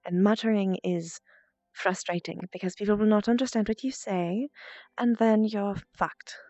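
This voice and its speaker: A woman streamer chatting casually with her viewers, stuttering and muttering, with soft asides dropped under her breath. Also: medium pitch, moderate pace, dry recording. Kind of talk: casual chat with stream viewers during VR role-play. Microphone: VR headset mic. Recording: dull lo-fi stream audio, faint music.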